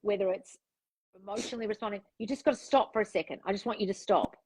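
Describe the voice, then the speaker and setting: A woman's voice: mid-range voice, quick pace, a little mellow, slight background noise, rough recording. A woman coaching a client one-on-one, frank and direct, giving instructions and acting out the thoughts she wants the client to have. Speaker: relationship and manifestation coach.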